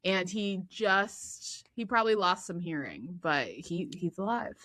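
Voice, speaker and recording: A woman co-hosting a podcast, retelling a TV drama in a lively casual chat, laughing often and acting out characters' lines. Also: lowish voice, measured pace. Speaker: podcast co-host.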